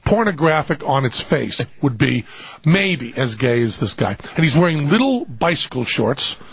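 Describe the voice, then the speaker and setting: Gravelly, husky man telling comic stories. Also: moderate pace, no room sound. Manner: animated, laughing, self-mocking, with big pitch jumps. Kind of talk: casual comic storytelling. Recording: dull, dry, slightly muffled sound.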